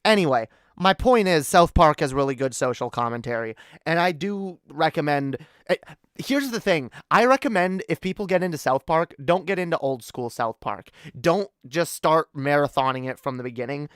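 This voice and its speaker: On a live stream, a woman from Canada vents furiously in a low, expressive voice at a moderate pace, cursing freely. Restarts and repeated words come up again and again. The audio is clean studio sound with no room echo.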